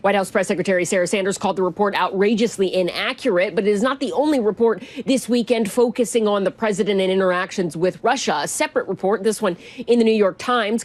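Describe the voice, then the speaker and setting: A woman news correspondent giving a brisk, measured report from outside in the snow. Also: medium pitch, a little mellow. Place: outdoors in snow.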